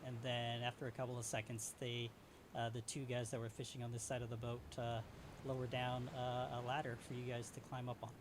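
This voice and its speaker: A man's voice: medium pitch, level tone, a little fast, noisy background. A man narrating as game master in a tabletop game, casual with many fillers. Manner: casual, frequent filler "uh" and "kinda".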